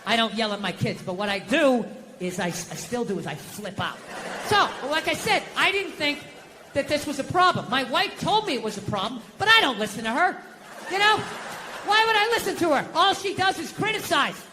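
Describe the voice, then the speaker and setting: A sarcastic American comedian on stage, cursing freely and sliding from grumbled asides into outbursts. His voice sits high and sounds bright and forceful, with a faint hiss of noise under it. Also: big pitch swings, moderate pace, big-room sound, poor audio. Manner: ranting, profane, sarcastic, swings between muttering and yelling. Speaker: stand-up comedian. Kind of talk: stand-up comedy.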